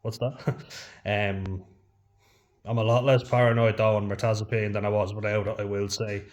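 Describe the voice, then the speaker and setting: Irish man, low-pitched, casual vlog chat, frank, swears a lot. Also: little pitch movement, normal speed. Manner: frank, heavy swearing, frequent "you know". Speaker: vlogger.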